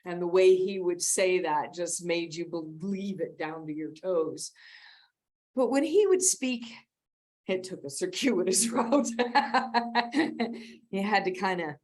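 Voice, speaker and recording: Slow, chatty woman speaker at church. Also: on the low side, lively intonation, a little mellow. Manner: rambling, self-deprecating, laughs often. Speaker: guest speaker. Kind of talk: conversational sermon. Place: church sanctuary.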